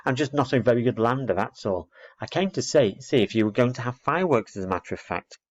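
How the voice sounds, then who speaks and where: A man's voice: mid-range voice, fast, voice pushed up, lightly acted. A man voicing a small, timid but eager young barn owl chick in a storybook reading. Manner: excitable, earnest. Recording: dull lo-fi recording.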